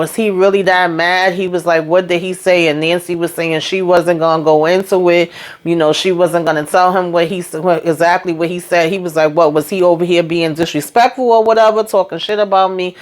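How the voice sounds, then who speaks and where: A woman with a slightly low voice recaps a TV drama in a chatty, casual way. She acts out the characters' lines in quick quoted voices and keeps breaking off for her own asides. A slight cold sits in her voice. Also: clean tone. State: coming down with a cold. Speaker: TV recap host.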